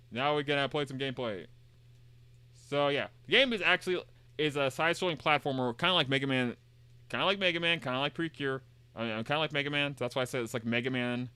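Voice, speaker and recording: A man's voice: medium pitch, quick pace, bright, forceful tone, clean tone, no echo. A man streaming a game, chatting casually, reading dialogue aloud and joking in a rambling, repetitive way. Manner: rambling and jokey, reads game dialogue aloud and repeats himself.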